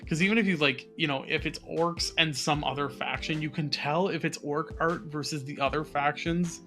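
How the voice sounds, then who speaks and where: A man's voice: a little high, fairly even intonation, moderate pace, sharp tone, faint music behind. A man co-hosting a casual hobby podcast, musing thoughtfully and rambling with many fillers. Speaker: podcast co-host.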